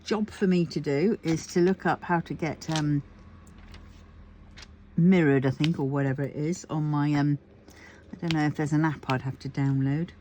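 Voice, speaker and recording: Lady with a low voice rambling to her camera at home, lots of ums, faint typing in the background. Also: fairly even intonation, moderate pace, mellow, a little hiss or hum. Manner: chatty, rambling, thinking aloud with many fillers. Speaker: crafting vlogger. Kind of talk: casual chat to camera.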